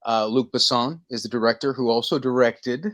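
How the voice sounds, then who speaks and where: A man co-hosting a casual podcast, telling stories with lively energy and acting out lines in quick bursts. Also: medium pitch. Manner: animated storytelling, acting out movie lines. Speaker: podcast co-host. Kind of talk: casual chat.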